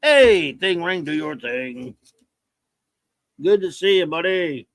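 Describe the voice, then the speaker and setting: A man's voice: on the high side, lively intonation, slow, no echo. A man hosting a casual live-stream review, rambling and joking as he reads viewer chat aloud. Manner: rambling, joking, stumbles over words. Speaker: show host reading viewer chat.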